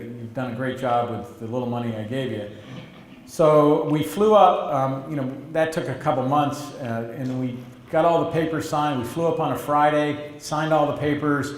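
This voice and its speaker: A middle-aged entrepreneur, guest at an event interview on a stage or in a meeting room, tells stories conversationally in a mid-range voice. The room sounds echoey, and he rambles, restarts and acts out quoted voices.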